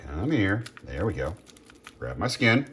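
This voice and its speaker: A home cooking vlogger gives loose commentary while he cooks, rambling and interrupting himself with frequent ums and uhs. His low voice is very animated and a bit bright, his pace is measured, and there's slight background noise.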